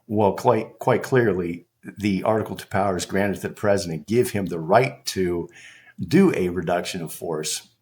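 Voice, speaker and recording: A man's voice: low voice, normal speed, darkish tone. A man hosting a casual political commentary, walking through a court filing in a conversational, explanatory way. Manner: conversational and explanatory, restarts and filler phrases.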